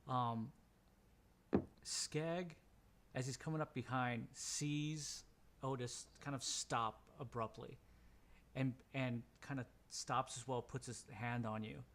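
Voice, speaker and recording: A man running a tabletop role-playing game as game master, narrating loosely with lots of "kinda" and "like". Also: medium pitch.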